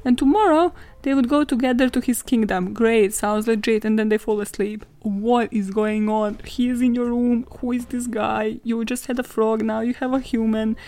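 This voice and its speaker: A woman's voice: a little high, steady tone, moderate pace, hardly any pauses, warm tone, no echo. A woman hosting a podcast, retelling a fairy tale in a sarcastic, profane, chatty way, laughing often and saying "like" a lot. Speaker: podcast host. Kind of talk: casual comedic storytelling.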